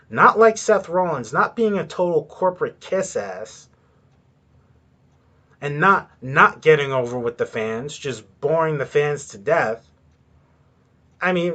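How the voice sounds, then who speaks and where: A man's voice: a little high, pushed and bright. Profane rambling male podcast ranter. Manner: profane, rambling, heavy on filler words. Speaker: podcast host. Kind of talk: solo ranting commentary.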